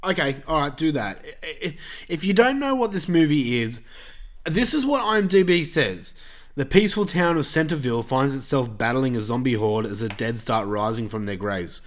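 A man's voice: mid-range voice, lively intonation, normal speed. Sweary man reviewing films. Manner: sweary, blunt opinions. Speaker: podcast host reviewing films. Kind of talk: casual chat.

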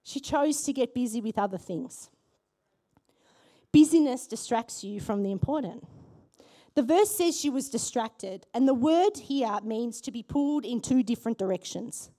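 A woman pastor preaching a sermon in church, animated and asking the congregation questions. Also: fairly high pitch, moderate pace.

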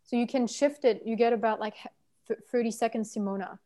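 A woman's voice: on the high side, steady tone, brisk, warm tone. Directive woman coaching a trainee. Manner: directive, encouraging, explains step by step. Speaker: anger workshop trainer. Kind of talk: coaching a practice session.

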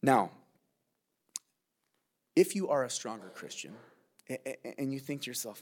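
A man's voice: medium pitch, expressive, unhurried, long pauses, darkish tone. A male pastor giving a verse-by-verse sermon, earnest and conversational, often saying "man" and asking "right?".

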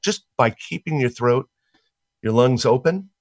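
A man co-hosting a casual chat, coaching with animated, instructive demonstrations. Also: medium pitch, a little slow, dry recording. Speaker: co-host, voice coach.

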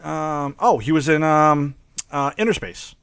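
A man's voice: a little high, measured pace, gravelly, a bit bright, clear, resonant tone, no echo. A man co-hosting a casual movie discussion, acting out scenes with mock quotes and laughter. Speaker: podcast co-host.

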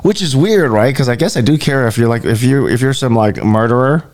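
A man's voice: mid-range voice, brisk, darkish tone. A man co-hosting a live podcast, chatting casually in a loose, rambling way with lots of fillers. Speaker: podcast co-host.

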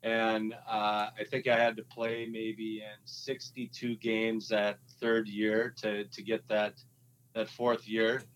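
A man, a former hockey player, telling his story in a relaxed interview, halting with many fillers and restarts, with a Minnesotan accent. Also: fairly low pitch, slight background noise, rough recording.

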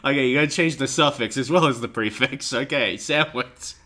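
In a relaxed podcast conversation, this co-host sounds lively and laughs easily, his voice sitting in the mid range.

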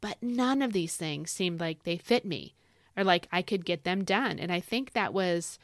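A woman with a low-set voice talks through a casual devotional podcast monologue, rambling and earnest and often stopping to correct herself. Her voice is recorded close and dry, with no room sound around it. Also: a little slow, no echo. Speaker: podcast host.

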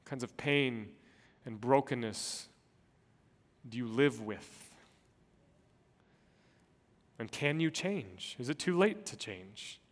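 A man in his thirties, a pastor preaching a sermon, telling a personal story in an earnest way and moving between soft and loud passages. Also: medium pitch, lively intonation, takes it slowly, pauses often. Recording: long hall reverb.

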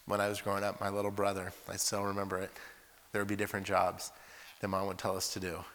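A man preaching to young people, telling lively stories and asking rhetorical questions. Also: sits low, fast talker. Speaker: preacher at a youth school and camp. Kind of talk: sermon with acted voices. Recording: echoey hall reverb.

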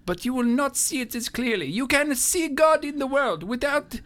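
A pompous male theologian, put on by a man, lectures in a thick, clumsy mock-Italian accent. The voice sits high and swings widely up and down, earnest and preachy with barely held-back laughter. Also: lively intonation, normal speed, a bit bright. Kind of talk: comedic role-play.

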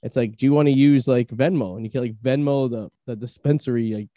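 A man hosting a podcast, telling rambling stories in a casual chat, laughing often and filling pauses with "uh". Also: mid-range voice, warm tone, no room sound, highs cut off. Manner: rambling, laughing, many fillers. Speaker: podcast host. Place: Massachusetts.

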